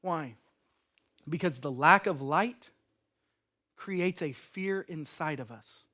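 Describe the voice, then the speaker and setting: A man preaching a sermon as a pastor, impassioned and storytelling, swinging between loud declarations and hushed lines. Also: on the high side, slow pace. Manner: storytelling with acted quotes.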